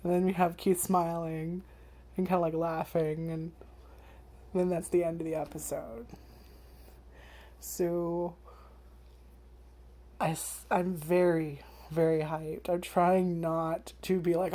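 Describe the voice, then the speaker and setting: A woman's voice: lowish voice, little pitch movement, unhurried, long pauses, dark tone. A woman vlogger chatting casually about an anime, rambling with lots of fillers and freely swearing. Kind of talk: casual first-impressions chat.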